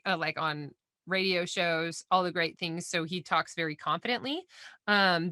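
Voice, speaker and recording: A woman's voice: fairly low pitch, bright, forceful tone, no echo, clean studio sound. A woman hosting a solo podcast, chatty and encouraging as she gives sales coaching.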